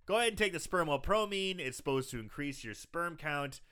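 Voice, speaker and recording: A man's voice: on the high side, lively intonation, brisk, pushed and bright, clear, resonant tone. A man voicing a laid-back male doctor while retelling a film, in a casual, offhand way. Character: easygoing male movie doctor.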